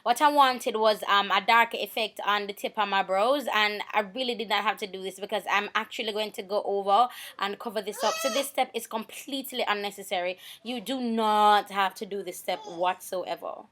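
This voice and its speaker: A woman's voice: medium pitch, a little fast, few pauses, a bit bright. A woman, talking casually through a makeup tutorial, chatty and repeating herself. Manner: chatty, repeats herself, talks while working. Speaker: makeup vlogger.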